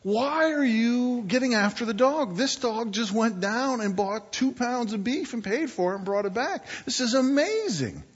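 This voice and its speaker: A man voicing an excitable bystander who is stunned by what he has just seen, heard as part of a church sermon recording. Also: very high voice, normal speed, few pauses, breathy edge, voice pushed up, exaggerated voice. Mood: amazed. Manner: excited, incredulous. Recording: dull recording with long hall reverb.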